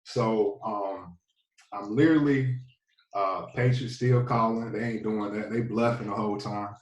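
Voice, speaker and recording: A man in his thirties with a Southern US accent, telling his story in a relaxed, rambling way as a podcast guest. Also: fairly low pitch, a little slow. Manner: laid-back, rambling, many fillers. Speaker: podcast guest, former football player. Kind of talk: casual storytelling interview. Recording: echoey, a bit distant from the mic.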